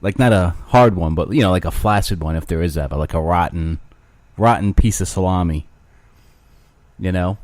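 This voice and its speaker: A man's voice: low voice, moderate pace, darkish tone, no room sound. A man hosting his own show alone, rambling crudely with self-mocking humor. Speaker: podcast host. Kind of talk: casual solo rambling.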